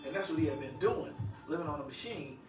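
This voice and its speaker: A man's voice: fairly high pitch, lively intonation, fast talker. Fifties guy rambling to the camera, chatty storyteller, roomy sound, sits back from the mic. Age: 50s. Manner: loose, chatty storytelling with frequent asides to the listener. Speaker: vlogger. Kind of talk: casual vlog monologue. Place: home room he calls his lab. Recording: roomy, far from the mic, music behind.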